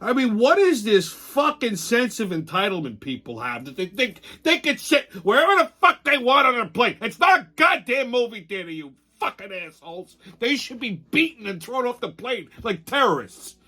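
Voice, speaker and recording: A man's voice: very high-pitched, big pitch swings, normal speed, few pauses, bright, forceful tone. A man hosting a show, delivering an angry, profane ranting commentary. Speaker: show host.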